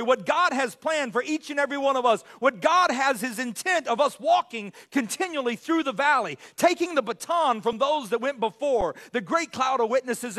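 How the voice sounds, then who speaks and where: Male pastor, very high voice, animated sermon delivery, frequent restarts. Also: moderate pace. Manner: animated, self-correcting preacher with frequent restarts.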